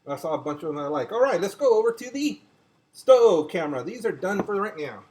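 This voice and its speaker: Speaking briskly in a high, very animated voice with a darkish tone, a chatty older man runs a casual home cooking demo in his kitchen and explains each step to viewers as he cooks. The low-quality audio carries a little hiss or hum.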